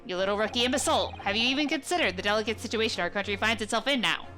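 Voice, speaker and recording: A woman reading the lines of a furious male official in a video game, ranting fast and indignant. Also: fairly high pitch, over music, close to an everyday voice.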